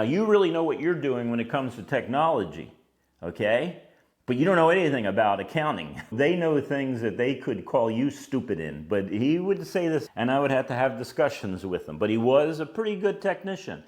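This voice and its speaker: An older man who owns a business, telling stories casually and acting out the dialogue. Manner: animated, acts out quoted dialogue with raised pitch, chuckles between lines. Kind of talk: casual storytelling monologue.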